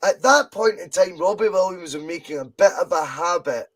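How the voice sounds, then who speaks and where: A man with a slightly high voice, co-hosting a podcast and telling stories with lively energy. He swears freely and keeps the chat loose and casual. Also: moderate pace. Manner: animated storyteller who swears freely. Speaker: podcast co-host.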